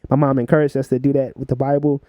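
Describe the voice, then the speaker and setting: A young man telling stories as a podcast guest in a relaxed chat, laughing often and filling pauses with "uh" and "like". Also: mid-range voice, dry recording, dull audio. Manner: laughs while telling stories, many fillers. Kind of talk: casual storytelling chat.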